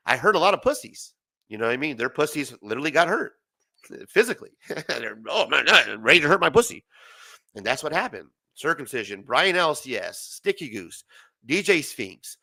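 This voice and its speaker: A man's voice: fairly high pitch, bright, forceful tone. A man hosting a late-night livestream, ranting in a profane, rambling way and laughing often, his voice tired and starting to fail. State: voice failing, tired. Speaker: livestream host.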